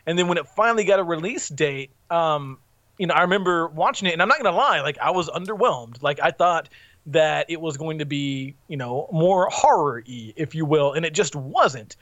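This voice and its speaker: A man's voice: a little high, expressive, moderate pace, a bit bright, no room sound, highs cut off. A man co-hosting a casual podcast, rambling through his thoughts with many fillers. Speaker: podcast co-host.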